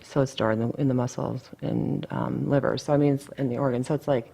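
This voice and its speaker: A woman's voice: extremely low pitch, fairly even intonation, fast talker, creaky, mellow. A woman dietitian talking casually in an interview, blunt and chatty, full of asides.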